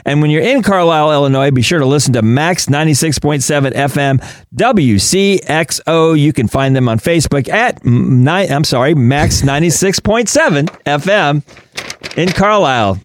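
A man's voice: on the high side, lively intonation, normal speed, dry recording, clean studio sound. A man co-hosting a radio talk show, chatting enthusiastically and laughing often.

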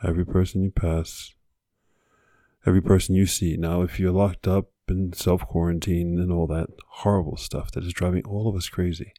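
A man's voice: low voice, flat delivery, moderate pace, warm tone, no echo, clean studio sound. A man hosting a podcast, delivering an earnest motivational monologue with repeated exhortations. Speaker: podcast host.

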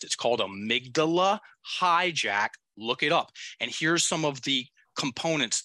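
A man's voice: medium pitch, sharp tone, no room sound. A male coach who is a guest on a podcast, talking bluntly and with emphasis and some casual swearing. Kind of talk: podcast conversation.

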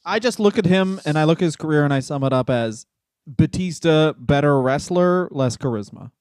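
A man with a somewhat high voice jokes loosely on a comedy podcast and laughs easily. He talks in a casual, offhand way. The recording is dry and close. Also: expressive, moderate pace, a little mellow, no room sound. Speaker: podcast co-host.

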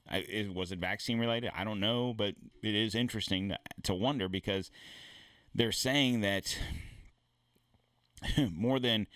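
A man hosts his own podcast, delivering a casual, rambling rant that is blunt and profane, with many false starts. His voice is fairly low and a bit bright, and the recording is dry.

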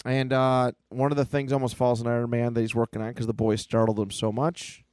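A man's voice: medium pitch, little pitch movement, a little fast, a little mellow, clear, resonant tone, dry recording. A man co-hosting a casual podcast, enthusiastically retelling an old comic book aloud. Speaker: podcast co-host. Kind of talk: casual chat.

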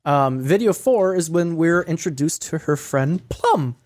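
A man's voice: fairly high pitch, animated, measured pace, a little mellow. A man co-hosting a podcast who recaps videos in a loose, comedic way. He swears freely, rambles and mocks what he describes. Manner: profane, rambling, mocking. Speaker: podcast co-host.

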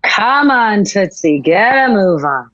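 A woman reading the part of a calm, hard-to-read female prison officer in a live script reading, brisk and commanding. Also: mid-range voice, dry recording, highs cut off. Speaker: actor in a table read.

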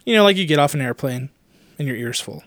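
A man's voice: fairly high pitch, expressive, fast talker, fairly bright tone, dry recording, studio quality. A man co-hosting a podcast in casual chat, joking and self-deprecating, still recovering from bronchitis. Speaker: podcast co-host.

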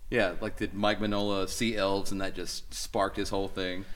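A man's voice: low-pitched, moderate pace. A man co-hosting a podcast, joking and swearing freely while reviewing a horror movie. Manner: animated, jokey, swears freely. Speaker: podcast co-host. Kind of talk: casual movie-review chat.

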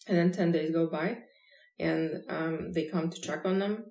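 A woman's voice: low-pitched, fairly even intonation, unhurried, dark tone. A woman hosting a casual chat and telling jokes, laughing easily. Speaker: podcast host. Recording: echoey room.

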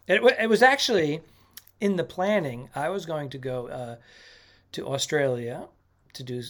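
A man chatting casually as a comedian and podcast co-host, halting, with many fillers and restarts. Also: fairly high pitch, a bit bright. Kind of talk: casual chat.

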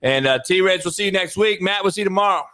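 A man hosting a sports talk show, loud and slangy in casual banter. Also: sits high, fast.

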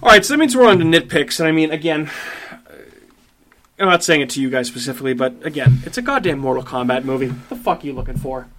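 A man's voice: on the high side, fast, slight background noise. A man co-hosting a casual movie review chat, emphatic and swearing freely as he tells it. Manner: profane, emphatic, animated storytelling. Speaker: podcast co-host.

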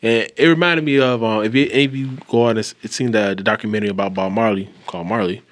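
A man hosting a casual podcast chat, telling long stories with restarts, swearing and animated asides. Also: lowish voice, quick pace.

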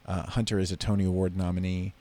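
A man's voice: low-pitched, little pitch movement, fast talker, mellow. A man hosting a podcast in casual chat, teasing and bawdy, into a close studio mic. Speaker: podcast host.

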